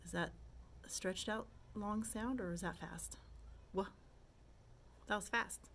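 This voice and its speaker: This is a slow, patient phonics lesson for young children, given by a woman whose mid-range voice has a fairly bright tone. At a moderate pace, she models and stretches letter sounds for kindergarteners and asks them simple questions.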